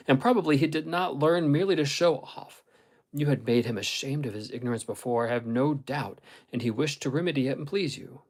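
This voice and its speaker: A man's voice: mid-range voice, a little mellow, lightly acted. Earnest older housekeeper, reproving and firm, as a male reader puts her on.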